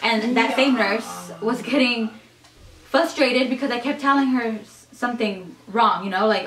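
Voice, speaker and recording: A woman's voice: on the high side, a little slow, distant mic, slight background noise. Chatty young woman vlogger, echoey room. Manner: chatty, animated, lots of "like" and "you guys". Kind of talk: casual storytelling to camera.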